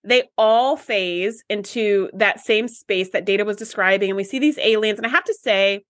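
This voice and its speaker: A woman's voice: mid-range voice, moderate pace, a bit bright, dry recording, clean studio sound. A woman co-hosting a podcast, chatting casually and retelling scenes with quoted lines. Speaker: podcast co-host. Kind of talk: casual chat recapping a TV episode.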